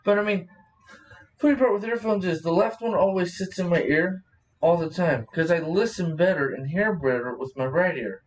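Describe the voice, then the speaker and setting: A man's voice: sits high, normal speed, recorded from a distance. A man co-hosting a podcast in casual chat, crude and profane, laughing often. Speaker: podcast co-host.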